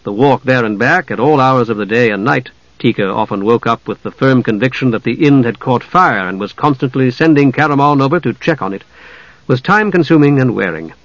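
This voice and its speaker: A man reading a fantasy novel aloud in measured, scripted audiobook narration. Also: mid-range voice, animated, dry recording. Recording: dry, slightly dull audiobook recording.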